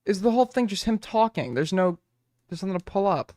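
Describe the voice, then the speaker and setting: A man with a fairly high voice rants and rambles through a live stream, cursing freely as he reacts. The sound is dry and close, with almost no room around it. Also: animated, a little fast, a little mellow, no echo. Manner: profane, ranting, rambling.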